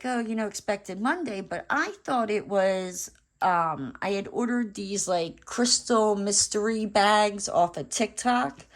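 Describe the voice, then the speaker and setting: A woman telling a rambling story in casual chat while she crafts at home, full of fillers and restarts. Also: medium pitch. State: briefly out of breath after running downstairs. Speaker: crafting vlogger.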